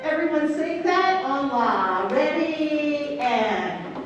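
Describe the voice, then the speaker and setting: A woman's voice: high-pitched, animated, slow pace, highs cut off, very noisy. A woman clinician coaching a string orchestra in rehearsal, counting beats aloud, singing counts and quizzing the players. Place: large convention rehearsal hall. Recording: echoey hall from far off.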